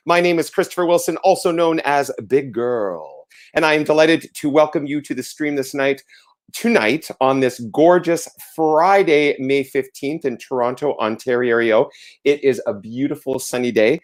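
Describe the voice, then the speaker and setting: A man's voice: medium pitch, normal speed. Effusive theatrical male livestream host. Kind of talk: casual livestream chat.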